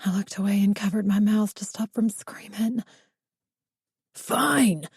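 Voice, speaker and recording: Woman audiobook narrator, first-person thriller, dark mellow voice, suspenseful. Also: medium pitch, level tone, moderate pace, husky, dry recording, clean studio sound.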